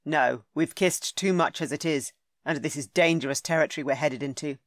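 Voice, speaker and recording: A woman voicing a stern, grouchy young gentleman duke in an audiobook, speaking low and firm. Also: moderate pace, no room sound, studio quality, lightly acted. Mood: tender.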